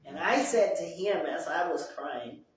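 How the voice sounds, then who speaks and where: A woman's voice: fairly low pitch, lively intonation, a little slow, far from the mic. A woman leading a support group talk, speaking earnestly and repeating her phrases for emphasis. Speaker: group session leader. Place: group meeting room. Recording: very echoey room, voice off-mic.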